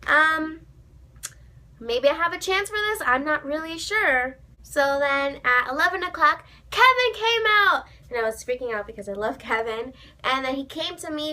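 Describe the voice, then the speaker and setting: A young woman tells her story in a quick, casual vlog voice, gushing like an excited fan and acting out what everyone said. Her voice sits high and bright. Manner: excited, gushing fan retelling with quoted dialogue. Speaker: vlogger.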